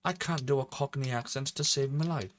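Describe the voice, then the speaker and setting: A man's voice: medium pitch, brisk, slight background noise. A man casually commentating as he streams a video game, thinking aloud and joking as he plays. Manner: chatty, thinks aloud, jokey.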